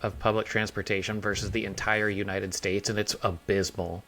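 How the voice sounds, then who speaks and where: A man's voice: fairly low pitch, flat delivery, moderate pace, fairly bright tone. A man co-hosting a podcast in casual chat, rambling through stories and laughing at them. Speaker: podcast co-host.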